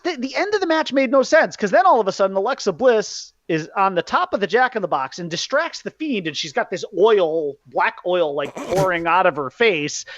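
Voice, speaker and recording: A man hosting a podcast, ranting in a casual, profane way about a wrestling event, jumping between loud outbursts and low muttering. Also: dry recording. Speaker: podcast host. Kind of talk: casual wrestling recap rant. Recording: dull lo-fi podcast mic.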